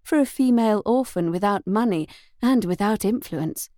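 A woman's voice: medium pitch, moderate pace, dark tone, no room sound, studio quality, lightly acted. A woman reading the lines of a proud young governess, speaking demurely and coolly in a storybook reading. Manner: demure and cool.

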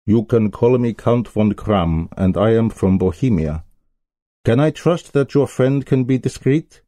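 A man's voice: medium pitch, animated, unhurried, dark tone, no echo, studio quality, lightly acted. A man voicing a proud, anxious middle-aged king who speaks formally and urgently, in a storybook reading. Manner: formal, urgent, flustered when exposed.

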